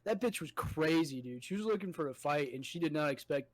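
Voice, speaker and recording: A man's voice: fairly high pitch, lively intonation, fairly quick, low-quality recording. A young man co-hosting a podcast, telling a story in casual, profane chat and acting out quotes. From United States. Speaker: podcast co-host.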